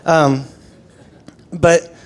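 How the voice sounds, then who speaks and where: A male pastor telling a personal story in a conversational sermon, animated, with frequent restarts and repeated words. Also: on the high side, extremely slow.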